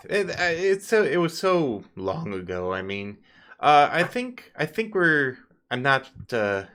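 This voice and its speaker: A man's voice: medium pitch, very animated, takes it slowly, fairly bright tone, voice pushed up. A man voicing a nervous businessman who stammers and backpedals in a tabletop game. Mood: flustered. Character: flustered nervous businessman, middle-aged man.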